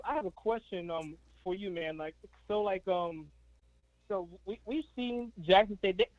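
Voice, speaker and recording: High-voiced caller, stammering, dull call audio. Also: male voice, no room sound. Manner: stammering, many fillers. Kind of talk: casual sports chat.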